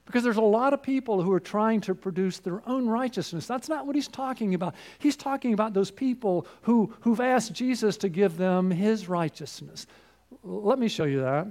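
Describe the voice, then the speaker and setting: A man's voice: sits high, moderate pace, darkish tone. A man preaching a sermon as pastor, in an earnest, repetitive cadence with direct appeals to the listener.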